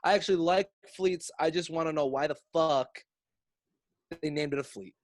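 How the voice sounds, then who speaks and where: A man's voice: a little high, moderate pace. A man hosting a podcast, talking casually in a wry, sarcastic way and swearing freely. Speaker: podcast host.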